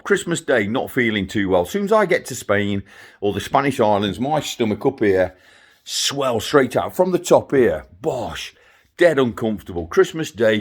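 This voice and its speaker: A man's voice: on the low side, slightly rough. A middle-aged man recording a rambling video update for his sons, ranting in a chatty way and breaking off into asides. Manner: ranting, chatty, self-interrupting with laughs and asides. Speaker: father vlogging to his sons.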